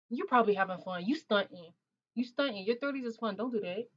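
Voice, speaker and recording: Reading comments from viewers, a woman in her 20s hosts a casual livestream from Ontario, Canada, speaking a little fast at medium pitch. She's chatty and animated, laughs a lot, uses loose slang, and the audio is dull lo-fi.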